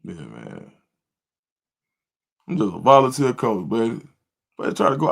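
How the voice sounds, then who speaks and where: A middle-aged man, telling a story in casual livestream chat as a volunteer coach and host, getting loud and high when he quotes himself. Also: wildly swooping pitch, measured pace, gravelly, pauses often, breathy edge. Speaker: volunteer youth football coach and show host.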